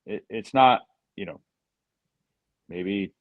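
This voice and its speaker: Hesitant low-voiced American guest. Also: male voice, slow, no room sound, narrow, tinny audio. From United States. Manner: hesitant, self-deprecating, many fillers. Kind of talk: casual interview chat.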